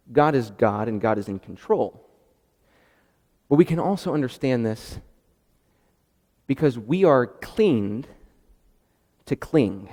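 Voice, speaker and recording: Casual preacher guy retelling scripture, lots of restarts, mid-pitched, long hall echo. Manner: conversational, animated retelling with frequent restarts. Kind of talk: sermon.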